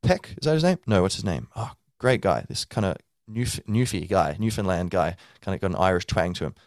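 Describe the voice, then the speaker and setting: A man's voice: deep voice, animated, a little fast, darkish tone, no echo, clean studio sound. A man hosting a podcast, talking casually in a loose, rambling monologue full of fillers and restarts. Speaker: podcast host.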